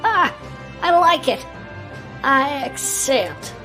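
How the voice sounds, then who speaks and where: A woman's voice: fairly high pitch, a little slow, soft background music, close to an everyday voice. A woman streamer voicing a brash, flamboyant male gambler who captains an airship, reading the game's lines aloud with cocky theatrical flair. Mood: thrilled.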